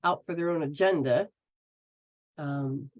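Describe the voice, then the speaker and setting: A woman giving a casual spiritual teaching talk. She acts out people's inner voices in a lively way. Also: deep voice, slow pace. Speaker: metaphysical practitioner. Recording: dull lo-fi recording.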